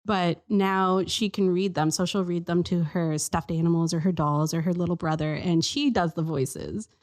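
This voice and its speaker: A woman in her thirties hosting a podcast, chatting casually and giving parenting tips with lively, playful delivery. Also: fairly low pitch, normal speed. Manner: animated, plays with silly voices while telling parenting tips. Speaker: podcast host. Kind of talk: casual chat.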